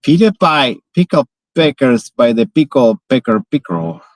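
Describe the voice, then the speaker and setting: A man's voice: medium pitch, animated, measured pace, dry recording, low-quality recording. A man with a Spanish accent, a native Spanish speaker, chatting playfully on a live stream and stumbling through tongue twisters. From Spain. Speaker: vlogger. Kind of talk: casual live-stream chat.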